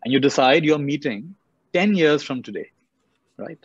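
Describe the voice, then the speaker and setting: Brief: brisk male motivational speaker, dry dull call audio, repeats phrases. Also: on the high side, animated, breathy edge, no room sound. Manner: storytelling, repeats key phrases for emphasis. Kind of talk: motivational talk on a video call.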